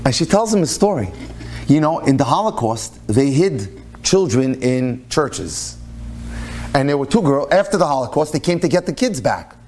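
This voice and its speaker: A man's voice: medium pitch, normal speed, soft background music. A man, a rabbi, telling a story during a presentation and acting out the people in it, with Hebrew and Yiddish religious terms mixed into his talk. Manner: animated storyteller who acts out the people in his stories. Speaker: rabbi and lecturer.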